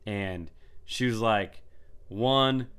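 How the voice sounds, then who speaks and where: Male podcast co-host with a cold, low and clean-toned, rambling storyteller. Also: normal speed, fairly bright tone, clean tone. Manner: rambling storyteller, acts out quotes. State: congested, raw throat. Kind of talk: casual chat.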